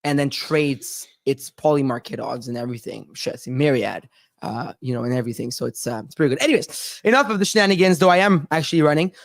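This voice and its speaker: A man's voice: mid-range voice, fast, vocal fry, dry recording, studio quality. A Canadian man hosting a casual crypto show over a video call, loose and joking, swearing freely. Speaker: podcast host.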